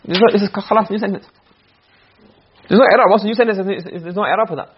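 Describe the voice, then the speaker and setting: Husky, quick-talking man teaching a class. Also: high-pitched. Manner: keeps checking with the class, asking "okay?" and "you understand?"; switches between Arabic text and English explanation. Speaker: teacher of Arabic rhetoric. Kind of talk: classroom lecture. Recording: dull lo-fi classroom recording.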